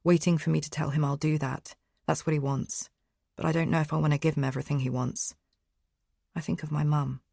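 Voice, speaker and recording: A woman reading a first-person thriller audiobook in a tense, hushed, introspective manner, close to the mic. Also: sits low, level tone, brisk, vocal fry, dry recording. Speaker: audiobook narrator.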